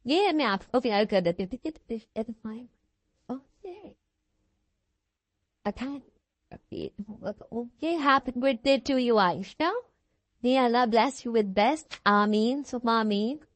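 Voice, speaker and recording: A woman with a fairly high, expressive voice teaches an online English class at a normal pace, with no room sound. She switches between English and Hindi-Urdu, reassures her students often, and keeps repeating "okay."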